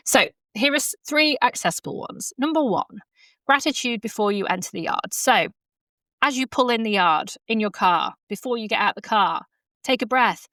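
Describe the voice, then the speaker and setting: Woman, podcast host, casual chat, fillers, mid pitch, dry recording. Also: fairly quick, fairly bright tone, dry recording. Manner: chatty, laughs often, many fillers. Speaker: podcast host and horsemanship coach. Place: at home in front of a laptop. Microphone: laptop podcast mic.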